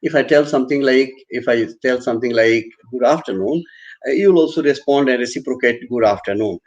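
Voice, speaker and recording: A man's voice: mid-range voice, fast, highs cut off. A man giving an online university lecture, repeating and restarting phrases as he explains with everyday examples.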